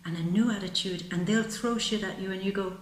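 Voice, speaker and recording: A woman speaking at a middle pitch gives a tarot reading in a soothing, emphatic way and drops into soft whispers now and then. She calls her listener "baby" and "my love". The room is echoey, with a faint hum behind her. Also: steady tone, brisk. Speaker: tarot reader. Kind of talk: monthly tarot reading to camera. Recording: roomy with faint ambient noise.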